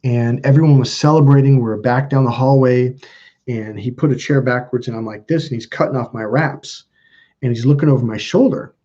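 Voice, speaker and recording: A man talks casually on a livestream with blunt emphasis, swearing freely and restarting sentences as he goes. His voice is mellow and dark, and the sound is dull and lo-fi. He speaks at a middle pitch. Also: a little fast. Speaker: self-help channel host.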